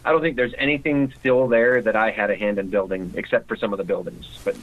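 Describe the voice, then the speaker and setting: A man's voice: lowish voice, steady tone, fast talker, narrow, tinny audio. A man speaking as a guest in a casual interview, talking conversationally with frequent restarts.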